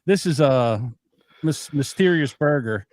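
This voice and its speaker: A man's voice: on the high side, unhurried. A man hosting a podcast, chatting casually and telling stories with lots of laughs. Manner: animated, laughing storyteller. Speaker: podcast host.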